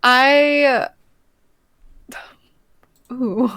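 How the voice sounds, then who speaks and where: A woman's voice: high voice, drawn-out words, a bit bright, smooth, no room sound. A bubbly, giggly woman guest chats about herself, peppering her talk with "like" and little acted-out quotes. Her voice is close and dry, with no room sound around it. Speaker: ASMR streamer, guest. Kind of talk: casual interview chat.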